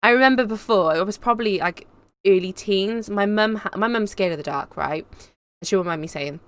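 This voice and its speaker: A woman's voice: medium pitch, fairly quick. A young woman hosting a casual live stream, reading out chat comments and rambling cheerfully with lots of fillers. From England. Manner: chatty, bubbly, rambling with fillers. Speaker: YouTube host.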